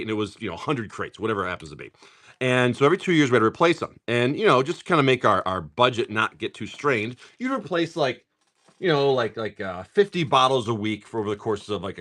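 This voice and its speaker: A man's voice: on the low side, fairly bright tone. A middle-aged man hosting a live stream, opening card packs, rattling off card names and telling joking stories in casual chat. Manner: rapid card-name rundowns mixed with joking stories.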